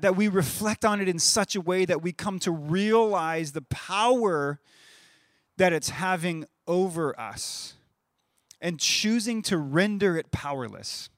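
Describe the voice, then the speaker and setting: A man in his thirties delivers a sermon in an easy, conversational manner, doubling words as he gets each thought going. His voice sits high for a man, and the recording is dry with no room echo. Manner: conversational, repeats words when starting phrases. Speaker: pastor.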